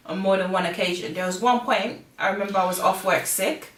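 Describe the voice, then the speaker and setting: A woman's voice: mid-range voice, a little fast, a bit bright. A woman co-hosting a casual conversation, speaking hesitantly with many fillers and restarts. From United Kingdom. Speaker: co-host. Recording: echoey room, far from the mic.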